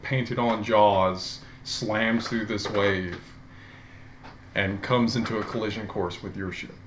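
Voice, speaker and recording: Slow, dramatic dungeon master narrating. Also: male voice, on the low side, fairly even intonation, background noise. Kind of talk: narrating a tabletop game.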